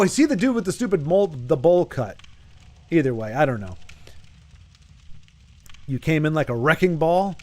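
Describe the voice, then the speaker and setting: A man streaming a game, joking, rambling and talking back to his chat as he plays. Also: high voice. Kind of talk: casual gameplay commentary.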